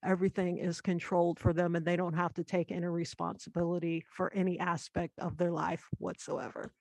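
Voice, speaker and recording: A woman's voice: fairly low pitch, flat delivery, a little fast, creaky, darkish tone, no room sound. Pointed, argumentative woman, dry sound. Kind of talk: casual panel discussion.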